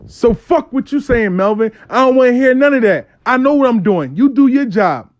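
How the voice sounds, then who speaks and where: A man's voice: a little high, fast, dark tone, no room sound, muffled recording, close to an everyday voice. A man voicing an agitated, obsessive male client who rants and insists on getting his way. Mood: ranting defiant. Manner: pushy, defiant ranting.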